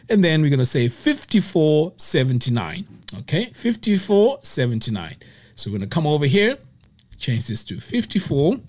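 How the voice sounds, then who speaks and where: A man teaching web design in a screen-recorded tutorial, explaining step by step and often checking in with "okay?". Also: a little high.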